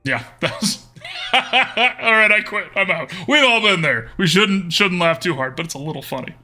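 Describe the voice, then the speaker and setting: A man's voice: a little high, animated, moderate pace, pushed and bright, faint music behind. A young man from Texas giving playful, jokey live-streamed commentary on a card game as a streamer, now and then bursting into cheers.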